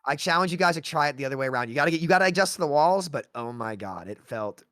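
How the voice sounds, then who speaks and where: A man talks about a video game in a fast, loose panel chat, tumbling through fillers and restarts. His voice sounds close and dry, with no room around it. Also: fairly high pitch, lively intonation, a bit bright, dry recording. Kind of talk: casual gaming panel chat.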